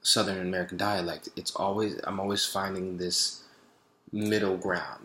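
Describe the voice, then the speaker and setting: A man with a low voice thinks aloud in a video diary. He hesitates, restarts and fills pauses with ums as he talks. The room around him rings with echo. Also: fairly bright tone. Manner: hesitant, many fillers and restarts. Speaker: vlogger practicing accents. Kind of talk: reflective spoken video diary.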